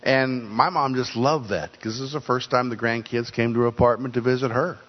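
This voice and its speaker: A man's voice: medium pitch, steady tone, brisk. An older man preaching a sermon in an earnest way, often repeating words for emphasis. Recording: dull sound with long hall reverb.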